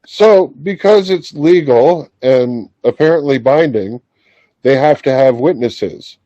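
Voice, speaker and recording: A man hosting a comedy podcast, teasing his co-hosts with dry, deadpan jokes. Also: medium pitch, slow pace, no echo, highs cut off. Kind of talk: casual comedic banter.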